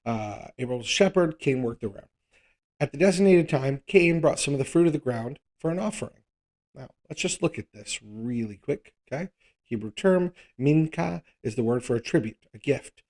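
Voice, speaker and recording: Man, Bible study teacher, casual live teaching, thinks out loud, mid-pitched voice. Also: lively intonation, normal speed. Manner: conversational, thinks aloud, frequent rhetorical "right?".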